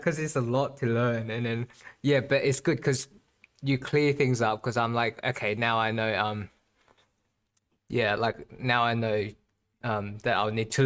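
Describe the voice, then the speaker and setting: Guy asking the teacher stuff, mid voice, lots of like and um, kinda unsure. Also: medium pitch. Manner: hesitant, heavy use of "like". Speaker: student. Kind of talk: casual chat.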